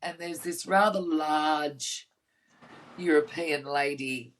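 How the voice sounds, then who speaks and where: A woman's voice: low voice, slow, rough recording. An Australian woman co-hosting a podcast, telling blunt, cheeky stories in a casual chat over a video call. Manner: chatty storyteller, blunt and cheeky. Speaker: podcast co-host.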